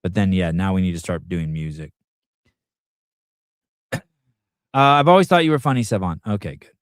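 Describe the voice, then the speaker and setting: A man's voice: deep voice, lively intonation, normal speed, clean tone, no room sound, clean studio sound. A middle-aged man hosting a live podcast, telling rambling, profane stories in a casual chat. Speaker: podcast host.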